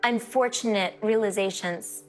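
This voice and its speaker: A woman in her forties talks in a measured, earnest way, pausing to reflect. Her voice sits at an ordinary middle pitch. Soft music plays faintly underneath. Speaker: reality show cast member. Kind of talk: confessional interview.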